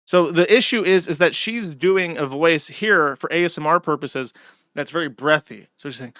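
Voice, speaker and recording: A man's voice: on the high side, expressive, brisk, sharp tone, no echo, studio quality. A man hosting a commentary show, ranting in a scornful, profane and emphatic way. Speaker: host. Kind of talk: commentary rant.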